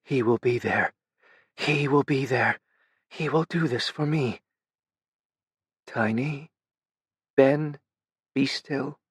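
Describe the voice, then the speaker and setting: A man's voice: slow, long pauses, slightly rough, dry recording, clean studio sound. A man voicing a terse, fierce immortal woman. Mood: strained. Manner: low, clipped, hushed commands. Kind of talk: audiobook character reading.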